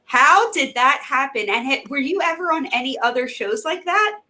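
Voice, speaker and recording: A woman hosting a relaxed interview, circling around her questions with fillers and restarts. Her voice sits a little higher than most. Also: normal speed. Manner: warm, rambling questions with many fillers. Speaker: host. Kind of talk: casual interview chat.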